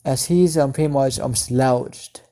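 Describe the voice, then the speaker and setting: Brief: man telling a story off the cuff, mellow gravelly voice, halting delivery. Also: medium pitch. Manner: halting, many fillers and restarts, chained "as she" clauses. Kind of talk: improvised fan-fiction narration.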